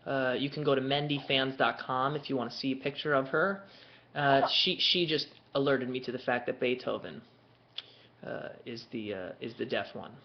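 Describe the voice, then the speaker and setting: A man hosting a live fan chat, talking casually, excitable and swearing, shouting bursts and then mumbling while reading. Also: mid-range voice, moderate pace. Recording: dull lo-fi webcast audio with faint noise.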